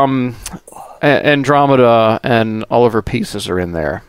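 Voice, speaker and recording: A man playing a tabletop roleplaying game, halting and correcting himself as he speaks, and laughing easily. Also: medium pitch, lively intonation, clear, resonant tone, no echo. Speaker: player. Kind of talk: tabletop game play, in and out of character.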